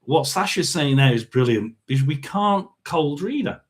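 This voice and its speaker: A man talks through a tarot and spirit box session in a loose, chatty way. He mutters asides and keeps clearing his throat. His voice sits fairly high and swings widely in pitch. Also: animated, normal speed. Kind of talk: casual live reading.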